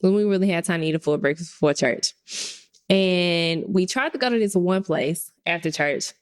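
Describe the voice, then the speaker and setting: A woman's voice: lowish voice, moderate pace, clean tone. A woman in her thirties co-hosting a podcast, telling a story casually and acting out the quotes. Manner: expressive, acts out quotes. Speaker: podcast co-host.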